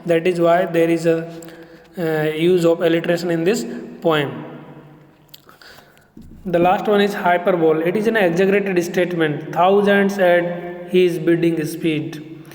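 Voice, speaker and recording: A man's voice: fairly high pitch, fairly even intonation, darkish tone. Man, college lecturer, explanatory, long reverb. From India. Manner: slow, deliberate, explanatory. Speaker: English lecturer. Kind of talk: recorded e-lecture. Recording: echoey roomy recording.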